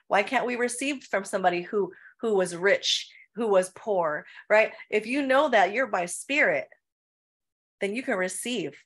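A woman pastor of Filipino heritage, her voice at a medium pitch. She preaches in a lively Q&A setting, firing off rhetorical questions and driving each point home with "right?" and "come on.". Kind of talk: preaching in a Q&A session.

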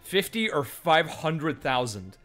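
A man's voice: on the high side, big pitch swings, slow pace, pushed and bright, faint music behind. A man chatting casually while streaming a video game, thanking viewers and muttering asides. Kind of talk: live game commentary.

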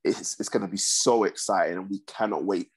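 A man hosting a casual sports podcast, talking in a steady, measured way. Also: low voice, slightly rough. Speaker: podcast host.

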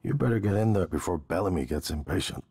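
An actor playing a brisk, reassuring older brother who runs a company in a game. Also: male voice, low voice, animated, darkish tone, breathy edge, dry recording, heavily acted. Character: confident brother, company executive.

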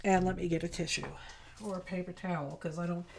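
A woman hosting a casual art livestream, chatting softly and greeting viewers by name as she paints. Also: on the low side, steady tone, fast talker, gravelly, noisy background.

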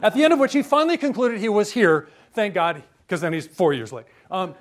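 A man's voice: high voice, a little fast. A man giving a humorous university lecture, joking and quizzing his audience. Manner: lively and joking, asks the audience questions.

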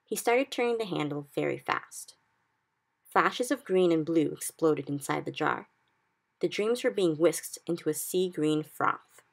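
A woman reads a children's chapter book aloud at an even pace. Her voice is low with a gravelly edge, and her narration stays steady. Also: a little slow. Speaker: reader. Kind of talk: storybook read-aloud.

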